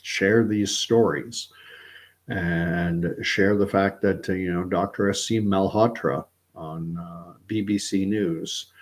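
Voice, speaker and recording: A man's voice: deep voice, steady tone, slow. A middle-aged man hosting a livestream, talking through his views in a rambling, earnest way, often correcting himself mid-sentence. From Canada. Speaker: livestream host. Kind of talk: casual opinion monologue.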